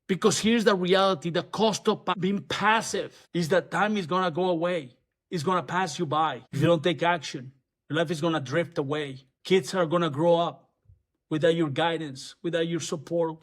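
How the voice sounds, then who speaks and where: Guy with a fairly high voice preaching at men, urgent, repeats himself, stumbles and restarts a lot. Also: fairly bright tone. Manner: urgent, repetitive exhortation; restarts and stammers often. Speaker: men's ministry speaker. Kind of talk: motivational faith talk.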